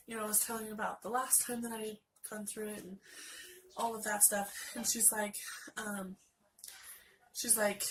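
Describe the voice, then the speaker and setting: A vlogger in her late twenties, congested from a sinus infection, tells a rambling, chatty story to camera and acts out what other people said. Her mid-range voice is steady and a bit bright, at a moderate pace with frequent pauses. The recording is rough, with a little hiss or hum.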